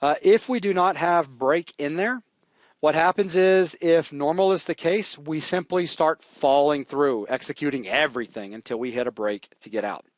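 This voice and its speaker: Male coding instructor, relaxed and jokey, talks while typing; slightly high voice, dead-dry close mic. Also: normal speed, no echo. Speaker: programming instructor. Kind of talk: live coding tutorial.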